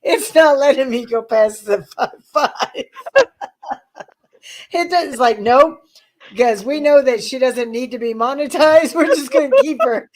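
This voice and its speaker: Woman host, casual stream chat, high-ish voice, bawdy and giggly. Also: lively intonation, unhurried, a little mellow. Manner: bawdy joking, laughs constantly. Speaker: livestream co-host.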